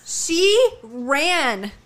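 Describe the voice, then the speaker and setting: Young woman, high bright voice, chatty rambling storyteller. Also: sing-song, extremely slow. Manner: chatty, rambling, laughs often. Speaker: podcast co-host. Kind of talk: casual chat, storytelling.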